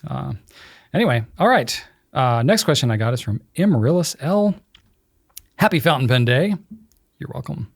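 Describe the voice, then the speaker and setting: A man's voice: medium pitch, sing-song, normal speed, creaky, pauses often. A man co-hosting a casual podcast chat, telling loose stories in an easygoing way and laughing often. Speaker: podcast co-host.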